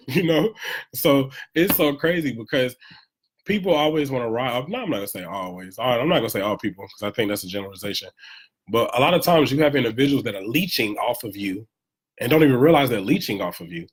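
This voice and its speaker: A man delivers an animated motivational pep talk from home, leaning on repeated lines to drive his points. His voice has a husky, slightly rough edge at a middling pitch. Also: quick pace. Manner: preachy, animated, repeats phrases for emphasis. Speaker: motivational live streamer. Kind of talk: casual motivational monologue.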